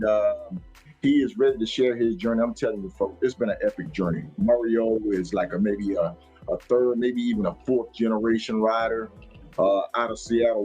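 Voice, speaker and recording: A man's voice: lowish voice, a little mellow, breathy edge, low-quality recording. A middle-aged man hosting a live podcast from the road, folksy and hyped, greeting viewers by name over and over. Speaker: podcast host. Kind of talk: live-streamed podcast chat. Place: on the road while traveling.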